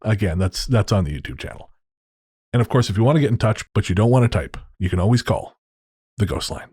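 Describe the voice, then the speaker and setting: A man hosting a podcast, talking in a relaxed, easygoing way and reading out plugs and credits. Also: fairly low pitch, fast. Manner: relaxed, laughs easily. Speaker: podcast host. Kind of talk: casual podcast outro and banter.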